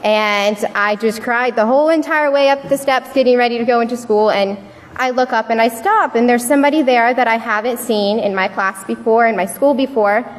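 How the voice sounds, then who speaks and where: A young woman, slightly high-voiced, tells a personal story to a congregation. She acts out the voices of the people she remembers. Her voice carries a long reverb from a large worship hall. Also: a little fast. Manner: storytelling, acting out what people said. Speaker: youth speaker at a church service.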